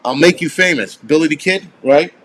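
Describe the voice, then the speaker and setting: A man's voice: a little high, normal speed, fairly bright tone, a little hiss or hum. A man in his forties hosting a casual live stream, rambling and swearing as he answers viewers. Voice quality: profane, rambling. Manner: answers viewer comments offhand.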